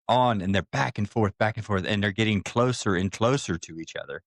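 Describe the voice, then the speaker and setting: A man with a fairly low voice co-hosts a casual podcast, telling a story with animated, acted-out quotes. His voice is recorded close and dry, with no room sound. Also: fairly quick, no room sound. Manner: acts out quoted voices, takes firm stances. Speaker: podcast co-host.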